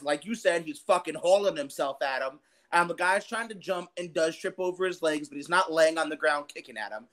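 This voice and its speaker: Fired-up man ranting on a sports podcast. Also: fairly high pitch. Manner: animated, heavy swearing, fast rants. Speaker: podcast co-host. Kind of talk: casual sports podcast chat.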